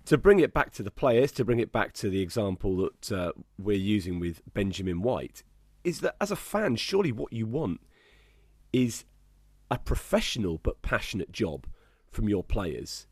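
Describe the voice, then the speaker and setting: A man's voice: lowish voice, sing-song, normal speed, a little mellow, husky, no echo, studio quality. A man making an earnest point in casual podcast talk. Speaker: podcast panelist. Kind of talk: casual chat.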